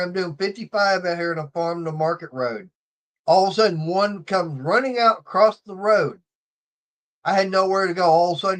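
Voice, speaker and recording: Livestream host, male, high-pitched, rambling anecdotal storyteller. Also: fairly bright tone. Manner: rambling storyteller, acts out quotes. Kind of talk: casual chat.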